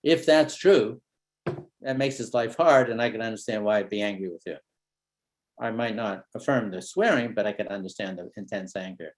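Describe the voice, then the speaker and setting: A man, a family therapist, gives a parenting training talk in a relaxed storytelling manner, acting out short exchanges and pausing to build suspense. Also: lowish voice. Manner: relaxed storytelling with role-played dialogue.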